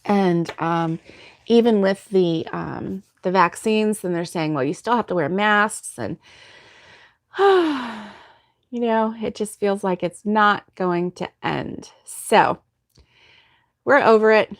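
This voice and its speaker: A woman's voice: medium pitch, expressive, slow, dry recording, clean studio sound. A woman hosting a crochet livestream, telling a story in casual chat and laughing often.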